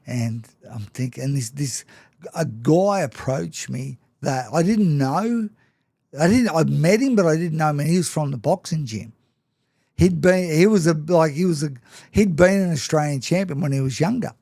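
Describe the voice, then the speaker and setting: A man's voice: a little high, normal speed, vocal fry, dark tone, no echo, clean studio sound. A man telling his own story to an interviewer, frank and self-mocking, and often laughing as he talks. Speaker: guest. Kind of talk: personal storytelling in conversation.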